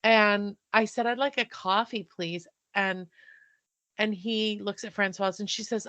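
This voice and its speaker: A woman co-hosting a podcast, telling a story in a casual, animated way and acting out the dialogue. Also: medium pitch, unhurried, no echo. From not from the South. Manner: animated, breathless retelling with quoted dialogue. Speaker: podcast co-host.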